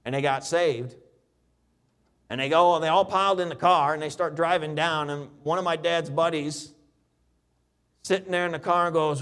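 A middle-aged man preaching a sermon, reading scripture and telling stories with lively, animated delivery. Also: normal speed, pauses often. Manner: animated storytelling preacher, reads scripture in a lower, steadier voice. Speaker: pastor.

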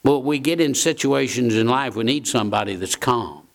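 A man's voice: mid-range voice, moderate pace, gravelly. A man preaching a sermon in a folksy way, repeating key phrases for emphasis.

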